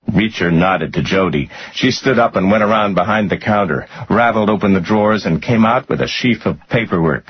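A man narrating a thriller audiobook in a dramatic, expressive reading. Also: lowish voice, moderate pace, hardly any pauses, breathy edge. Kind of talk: scripted narration. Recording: muffled lo-fi audio.

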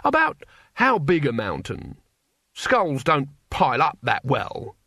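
A man's voice: medium pitch, huge pitch swings, takes it slowly, pushed and bright, no echo, clean studio sound, full character voice. A man voicing a blunt, grumbling old male barbarian. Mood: gruff.

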